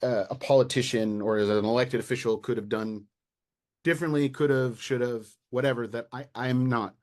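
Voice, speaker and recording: An American man talking as a guest in a casual interview, animated and exasperated, with many restarts and fillers. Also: medium pitch, moderate pace. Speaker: local party official, guest.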